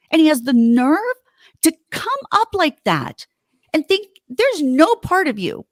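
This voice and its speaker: Indignant woman with a lively, high voice. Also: no room sound, clean studio sound. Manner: heated, indignant storytelling with swearing. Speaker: podcast host. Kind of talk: casual podcast chat.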